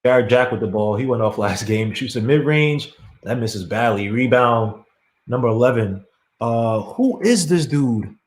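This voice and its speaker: A man calls a basketball game live for his podcast stream, mid-pitched and loose, full of "uh"s and restarts as he vents and apologizes. His voice carries a noticeable room echo, as if recorded in a bare space. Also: lively intonation, a little slow. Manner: frustrated, apologetic, rambling with many fillers. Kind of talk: casual live game commentary. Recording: echoey room.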